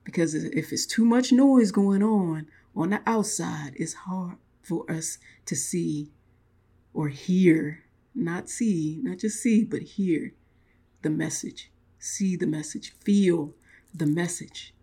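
A woman's voice: lowish voice, slow, warm tone, breathy edge. A woman giving a spiritual motivational talk, reflective, often repeating and restating her words. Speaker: spiritual speaker.

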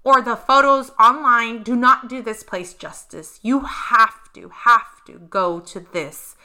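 A woman co-hosting a podcast, telling a story in an excitable, gushing way and swearing freely. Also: on the high side, slow pace. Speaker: podcast co-host. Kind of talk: casual storytelling chat.

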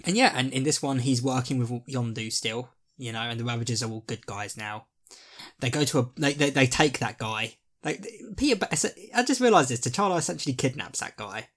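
Animated, swearing man in casual chat. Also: mid-range voice, fairly quick. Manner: animated, swearing, acts out character quotes. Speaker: podcast co-host.

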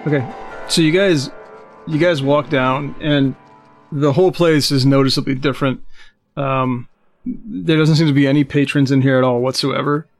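A man narrating a tabletop game as game master, hesitant and filling pauses with um and uh. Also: medium pitch, fairly even intonation, no room sound, faint music behind. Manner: hesitant, full of fillers.

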